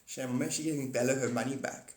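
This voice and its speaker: A man's voice: medium pitch, steady tone, rapid-fire. A man chatting on a live stream, rambling and joking, swearing now and then and correcting himself. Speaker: live streamer and paid reader. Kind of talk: casual live-stream chat. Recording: roomy echo.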